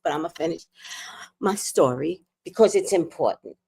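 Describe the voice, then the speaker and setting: A woman telling a storytime rant on her livestream, animated, worked up and swearing freely. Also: sits low, moderate pace, gravelly, a little hiss or hum. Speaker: livestream host.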